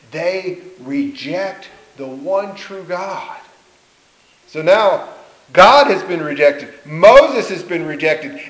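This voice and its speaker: A man preaching a sermon, telling a story earnestly, asking rhetorical questions and acting out the people he quotes. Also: high voice. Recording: roomy echo.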